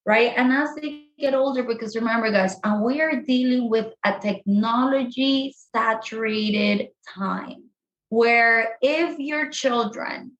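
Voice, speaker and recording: A woman sex therapist giving animated advice as an interview guest, often addressing listeners directly and dropping in Spanish phrases. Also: on the high side. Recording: echoey room.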